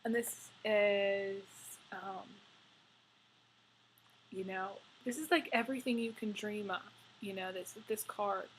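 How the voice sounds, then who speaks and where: A woman's voice: mid-range voice, unhurried, pauses often, slight background noise, rough recording. A woman giving a tarot reading to camera, talking in a rambling, effusive way with many fillers. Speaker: tarot reader.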